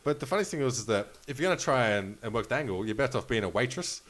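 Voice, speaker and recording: A man's voice: medium pitch, expressive, racing, fairly bright tone. A man with an Australian accent telling gambling stories on a podcast, in a rambling, profane way with many restarts. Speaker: podcast host and storyteller. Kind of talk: casual storytelling chat.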